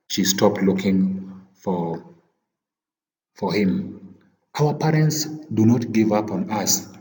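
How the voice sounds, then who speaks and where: A male teacher giving a vocabulary lesson, defining words slowly and repeating them. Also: on the low side, darkish tone, big-room sound, low-quality recording.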